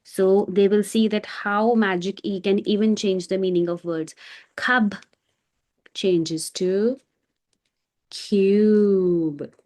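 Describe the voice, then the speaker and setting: A woman's voice: medium pitch, fairly even intonation, takes it slowly, darkish tone. A woman teaching a children's phonics lesson, explaining patiently and telling it as a story.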